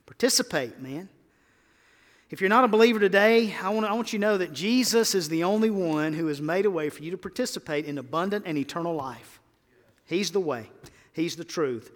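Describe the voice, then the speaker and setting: A man preaching a sermon as pastor, emphatic, swinging between loud exhortation and quiet earnest tones. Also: sits high, lively intonation, fairly quick, big-room sound.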